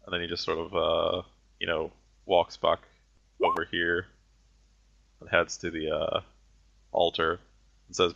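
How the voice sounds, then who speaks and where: Deep gravelly guy running a tabletop game, lots of uhs, dull lo-fi audio. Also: little pitch movement, unhurried, pauses often, fairly bright tone. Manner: hesitant, many fillers. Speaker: game master.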